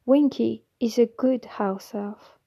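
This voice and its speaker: A woman's voice: takes it slowly, creaky, dark tone, heavily acted, rough recording. A woman voicing a timid, anxious female house elf servant who speaks with broken grammar and keeps saying "sir". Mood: anxious deferential. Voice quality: squeaky, quivering.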